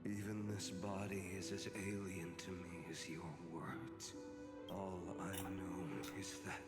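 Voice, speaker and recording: A man's voice: sits low, little pitch movement, takes it slowly, over loud music. A man voicing a weary male hero who has forgotten his past, solemn and resigned, in a game. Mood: grim resigned. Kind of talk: game voice acting. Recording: roomy hall reverb.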